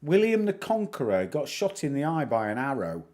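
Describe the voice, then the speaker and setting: A man's voice: a little high, sing-song, moderate pace, darkish tone. Chatty Northern English man, music behind. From England. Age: middle-aged. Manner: chatty, rambling, self-mocking jokes. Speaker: livestream host. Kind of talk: casual livestream chat. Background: background music.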